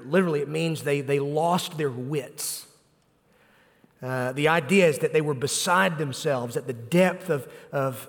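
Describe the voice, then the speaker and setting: A man delivers a sermon in a fairly high voice, earnest and emphatic, stacking repeated phrases and pausing on "uh". His words ring out with the long reverb of a large church hall. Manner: earnest preaching with emphatic repetition and frequent "uh" fillers. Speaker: pastor.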